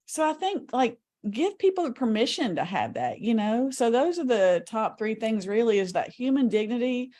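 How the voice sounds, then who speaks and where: A woman guest on an interview show, telling a story in an earnest, animated way. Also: on the high side, moderate pace, hardly any pauses. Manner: animated storyteller, earnest, talks with shifting speed.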